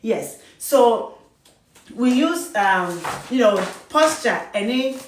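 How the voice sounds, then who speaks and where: A woman's voice: on the high side, lively intonation, slow. A woman, a charge nurse, giving firm, emphatic advice in casual talk and mixing English with Twi. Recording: echoey room, voice from a distance.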